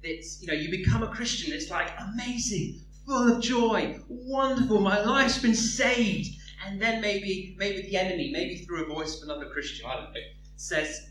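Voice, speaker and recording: A man's voice: sits high, normal speed, fairly bright tone. A man preaching a sermon in an earnest way, often repeating words as he searches for phrasing. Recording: echoey room, distant mic, faint hum.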